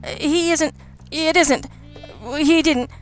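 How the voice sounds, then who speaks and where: A woman's voice: a little high, expressive, normal speed, fairly bright tone, soft background music, pitched above the performer's own voice. A woman voicing a flustered, breathless male police sergeant who stammers and sputters in an audiobook.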